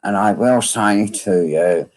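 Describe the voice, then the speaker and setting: A man, working as a medium, giving a slow, repetitive reading and asking again and again whether the listener understands. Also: lowish voice. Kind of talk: live online mediumship reading.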